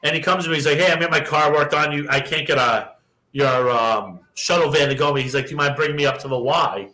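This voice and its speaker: A young man in his twenties or so, chatting casually on a podcast with a fairly high, very bright voice. He tells stories in a profane, lively way and slips into the voices of the people he quotes. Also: fast talker, rough recording. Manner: profane, animated storyteller who acts out quoted dialogue. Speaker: podcast co-host. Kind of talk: casual storytelling chat.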